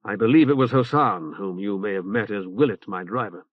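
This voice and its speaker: A man voicing a calm young male leader who speaks in a measured way. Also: on the low side, dry recording, pitched below the performer's own voice, close to an everyday voice. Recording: tinny phone-like band.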